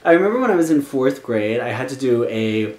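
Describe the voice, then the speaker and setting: A young man, born in Colombia, talking casually to camera in an excitable, animated way with laughing asides. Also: medium pitch, a little fast. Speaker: vlogger. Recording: echoey room with faint music.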